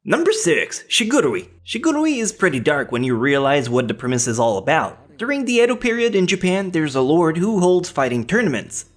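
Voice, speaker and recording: Lively man counting down anime. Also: fairly high pitch, a little fast, few pauses. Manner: joking asides, self-deprecating stumbles. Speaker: anime video host. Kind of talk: scripted countdown commentary.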